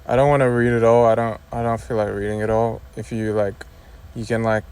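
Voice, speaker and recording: A man's voice: lowish voice, flat delivery, fairly quick, darkish tone, clear, resonant tone. A young man ranting casually to his viewers, exasperated and rambling, repeating himself and swearing. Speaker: YouTuber. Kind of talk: casual rant to camera.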